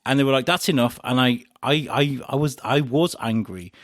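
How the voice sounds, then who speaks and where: A man hosting a podcast, chatting casually and telling animated stories with frequent laughter. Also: medium pitch, normal speed, dry recording, clean studio sound. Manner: animated storyteller, laughs often. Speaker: podcast host being interviewed. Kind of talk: casual chat.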